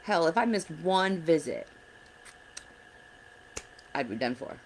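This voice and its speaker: Low gravelly lady vlogging, blunt frustrated advice for other parents, bit of faint hiss. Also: expressive, slow pace, low-quality recording. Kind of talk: casual direct-to-camera advice.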